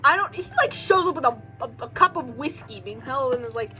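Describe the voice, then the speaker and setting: A woman's voice: high voice, expressive, a little fast, over music, poor audio. A young woman casually recapping a film in a rambling way, full of "like" and joking asides. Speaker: video creator recapping a film.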